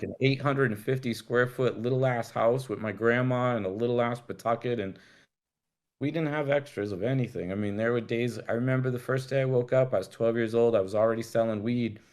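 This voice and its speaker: A middle-aged man from the United States, a guest telling rambling, candid stories in casual chat, swearing freely. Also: medium pitch. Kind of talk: casual storytelling interview.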